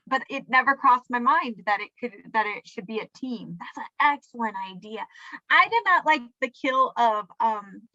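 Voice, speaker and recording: A woman's voice: on the high side, bright, forceful tone, no room sound, muffled recording. A woman co-hosting a casual movie-review podcast, sarcastic and nitpicky, laughing through her complaints. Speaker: podcast co-host.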